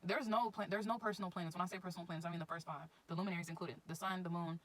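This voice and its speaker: A woman's voice: lowish voice, steady tone, racing, a bit bright, rough recording. A woman giving casual spiritual advice in a chatty, informal vlog, often circling back to her points. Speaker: astrology vlogger.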